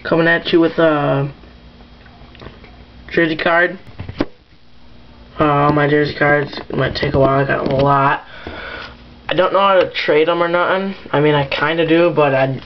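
A young man in a casual vlog, showing his card collection and naming the cards haltingly, with many fillers. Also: on the high side, fairly even intonation. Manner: mumbling, lists items haltingly with many fillers. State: annoyed after a chipped tooth. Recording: muffled lo-fi home recording with background noise.

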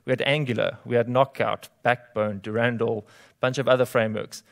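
A man with a South African accent speaks at a developer conference, his voice sitting at an ordinary middle pitch. He delivers his talk with dry, self-deprecating humor. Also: steady tone, fairly quick, gravelly. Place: conference room.

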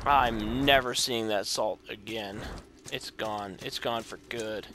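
Speaking into a desk mic, this man narrates his own gameplay as a let's play host, muttering to himself, reading on-screen text and yelping or groaning whenever things go wrong. His voice is mid-range, a little slow, bright and forceful, with slight background noise.

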